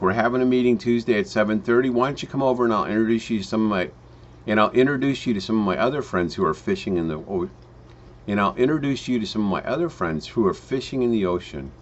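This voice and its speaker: A man telling a home-business parable in a storytelling manner, with slow emphatic phrasing and frequent restarts. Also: fairly low pitch. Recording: dull lo-fi recording.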